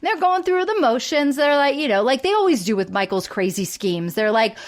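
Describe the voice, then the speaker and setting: A woman's voice: high voice, big pitch swings, a little fast. A woman co-hosting a podcast, chatting casually, agreeing eagerly and acting out lines as she recaps. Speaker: podcast co-host. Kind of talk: casual chat.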